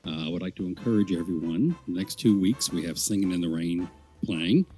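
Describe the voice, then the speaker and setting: A middle-aged man co-hosting a podcast in casual chat, rambling and animated, with many fillers and restarts. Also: sits low, brisk, faint music behind. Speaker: podcast co-host.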